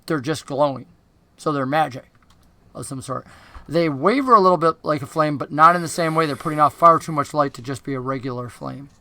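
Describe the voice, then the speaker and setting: A man's voice: on the high side, brisk, pushed and bright. A man narrating a tabletop game as game master, chatty and enthusiastic with many fillers.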